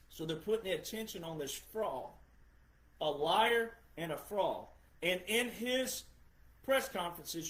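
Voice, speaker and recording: Heard with roomy echo, a middle-aged man hosting a podcast lectures emphatically on politics, repeating phrases for effect. His voice is a little high and fairly bright.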